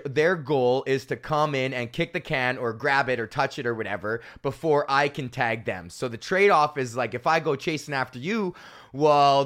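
A man hosting a podcast, telling a story in a loose, profane rant and laughing often. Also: medium pitch. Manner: animated, laughs often, swears freely. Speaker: podcast host and comedian.

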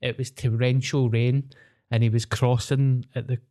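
Glaswegian man, podcast co-host, rambling gossip full of swearing, mid-pitched. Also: little pitch movement, normal speed, mellow. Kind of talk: casual chat.

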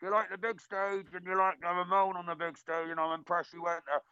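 A man putting on a croaky grumbling old football fan. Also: high-pitched, level tone, fast, no echo. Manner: gruff, shouts insults at players. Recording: muffled lo-fi recording.

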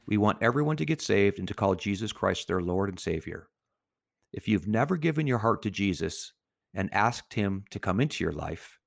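A man reading a scripted closing announcement for a radio show, steady and measured. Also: fairly low pitch, creaky.

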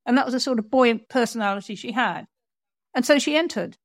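A woman author telling an animated story in an interview, acting out the people she quotes. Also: on the high side, brisk, no echo. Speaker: author and guest.

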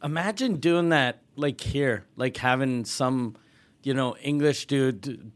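A man's voice: mid-range voice, takes it slowly. A man from Quebec who is a comedian guest on a podcast, chatting playfully and riffing with mock voices. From Quebec, Canada. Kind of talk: casual comedy podcast banter.

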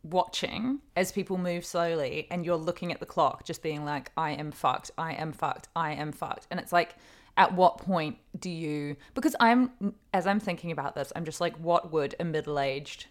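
Expressive woman podcast co-host. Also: lowish voice, normal speed. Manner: expressive, emphatic ranting with fillers. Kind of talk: casual chat.

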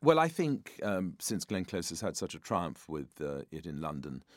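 An older man with a very low voice speaks frankly about his work as an interview guest, pausing to reflect and telling anecdotes. He is recorded close and dry, with no room sound. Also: very animated, dry recording. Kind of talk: conversational interview.

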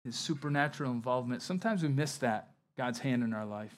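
A man's voice: mid-range voice, fast talker. A male pastor preaching a sermon in a conversational way, acting out the scenes with energy. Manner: conversational, animated when acting out Bible scenes.

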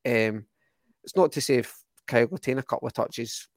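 Brief: young Scottish podcast co-host, enthusiastic rambling match talk, dry close sound. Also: male voice, medium pitch, normal speed, no room sound. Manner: rambling, restarts often, enthusiastic. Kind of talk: casual football chat.

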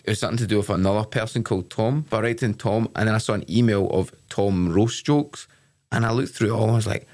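Young Glaswegian comic guesting on a podcast, lowish voice, bursts into little voices for his anecdotes. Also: fast. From Scotland. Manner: animated storyteller, acts out quotes. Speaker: stand-up comedian guest. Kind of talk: casual podcast chat.

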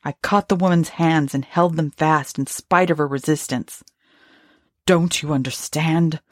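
A woman narrating a story in a measured, somber way, with a husky voice. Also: low voice, fairly even intonation, no room sound, studio quality. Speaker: audiobook narrator.

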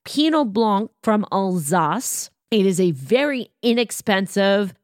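A middle-aged woman hosting a wine podcast, explaining styles in a knowledgeable, opinionated way with quick asides. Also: mid-range voice, lively intonation, no echo, clean studio sound. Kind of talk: casual explanatory chat.

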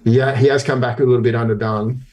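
A man's voice: medium pitch, fairly even intonation, quick pace, darkish tone. A man co-hosting a sports podcast, talking with many ums and restarts. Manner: hesitant, many ums and repeated starts. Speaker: podcast co-host. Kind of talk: casual sports podcast chat.

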